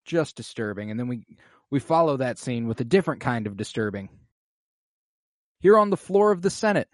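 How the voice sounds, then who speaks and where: A man co-hosting a casual podcast, recapping a TV episode and acting out lines with animated, profane commentary. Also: medium pitch, no room sound, clean studio sound. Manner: animated, swearing, acts out quoted lines. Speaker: podcast co-host.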